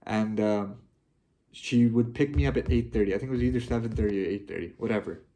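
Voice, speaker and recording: A young man talking to his viewers, heartfelt and halting, often restarting his sentences. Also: lowish voice, warm tone. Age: young adult. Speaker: vlogger. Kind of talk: personal reflective monologue.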